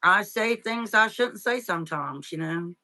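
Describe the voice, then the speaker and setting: A middle-aged woman, an interview guest, telling her life story in a halting, tearful way with many fillers and restarts. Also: medium pitch, expressive, sharp tone. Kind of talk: emotional personal storytelling.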